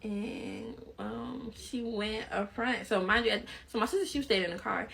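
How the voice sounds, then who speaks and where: Lively young woman with gravelly fry. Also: mid-range voice, a little slow, a little hiss or hum. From Chicago. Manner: animated, chatty, peppered with "like" and laughter; talks while doing her makeup. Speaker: vlogger. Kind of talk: casual storytime chat.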